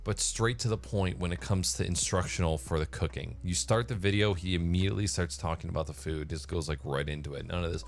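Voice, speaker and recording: Man with a very low, rambling voice. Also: fast, gravelly, hardly any pauses. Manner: rambling, conversational, with many "like"s and fillers. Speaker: vlogger. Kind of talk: casual solo monologue.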